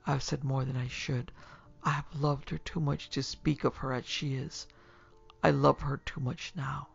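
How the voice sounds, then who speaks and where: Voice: mid-range voice, flat delivery, normal speed, creaky, slightly rough, highs cut off, faint music behind. A narrator putting on a gasping, anguished young man. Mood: frantic. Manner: gasping, groaning, breaking into whispers.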